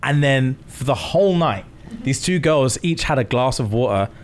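A man's voice: medium pitch, animated. A young man, co-hosting a podcast and telling stories in casual, swearing chat, quoting the people in them. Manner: fast, swearing, quotes people in his stories. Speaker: podcast co-host.

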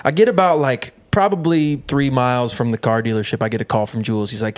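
A young man telling a comedic story in a casual, profane, animated way, laughing often. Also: medium pitch, fast talker, few pauses.

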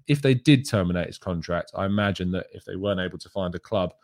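A man hosting a football show from home, reading viewer questions and talking in a subdued, low register with plenty of casual fillers. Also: quick pace, darkish tone, no echo, studio quality. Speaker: football podcast host. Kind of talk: live-stream chat about football, reading viewer questions.

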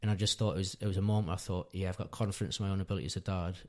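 He has a low, steady, somewhat dark voice and speaks rapid-fire. Around his thirties and a father, he's a podcast guest telling a long personal story casually, wandering and correcting himself with earnest sincerity.

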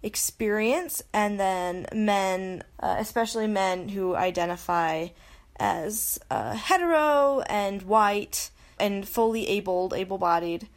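A woman's voice: medium pitch, slow. A young adult woman hosting a casual solo podcast, chatty and self-mocking, often laughing and slipping into quoted voices. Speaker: podcast host.

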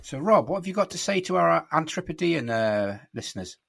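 A man's voice: fairly high pitch, big pitch swings, a little fast, gravelly, husky. A man hosting a podcast, teasing and steering a casual chat. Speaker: podcast host.

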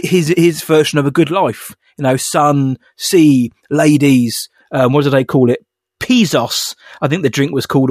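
Here a man on the high side co-hosts a podcast, heard in a dry, studio-quality recording. It's casual, rambling conversation, loaded with filler words and laughing.

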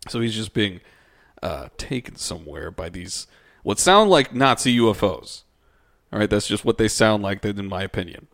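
A man with a lowish voice reads a document aloud for a podcast. He stumbles over words, adds fillers and pauses for dry asides to his co-host. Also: expressive, gravelly, fairly bright tone. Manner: reads aloud haltingly with fillers, breaks off for wry comments. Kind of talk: casual podcast reading with asides.

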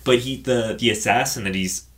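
A man's voice: medium pitch, normal speed. A man co-hosting a casual film podcast, talking in a loose, rambling way with plenty of swearing and fillers. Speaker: podcast co-host.

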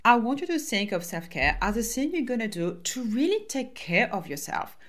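A woman's voice: fairly high pitch, very animated, normal speed. A woman with a French accent hosting her own podcast as a life coach. She talks in an upbeat, encouraging way and often lists things. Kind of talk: solo podcast monologue.

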